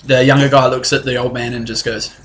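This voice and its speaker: Bright-voiced man running a tabletop game. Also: medium pitch, little pitch movement, fast talker. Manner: rambling, restarts often, laughs easily. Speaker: game master.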